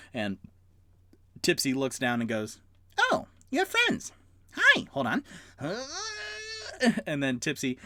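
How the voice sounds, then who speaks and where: A man's voice: mid-range voice, no room sound. A man streaming live from his room at home, narrating a tabletop game as dungeon master and rambling to his chat. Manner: animated, rambling, talks to chat. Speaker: dungeon master and solo player.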